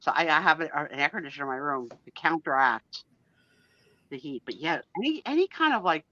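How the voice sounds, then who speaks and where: Brief: woman, New Jersey accent, lower-pitched, very expressive live-stream co-host. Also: dull audio. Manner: animated, giggly, quick to exaggerate. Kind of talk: casual live-stream chat.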